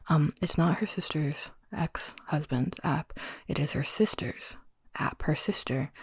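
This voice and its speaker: A woman whispering a chatty book recap, keeping her voice hushed and often correcting herself. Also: deep voice, gravelly, husky, no echo, studio quality. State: whispering so as not to wake someone. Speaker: book vlogger.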